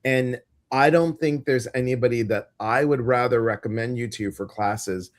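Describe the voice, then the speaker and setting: Man, live-stream co-host, chatty and animated, mid-pitched voice. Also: normal speed. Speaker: co-host of a live intuitive show. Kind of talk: casual live-stream chat.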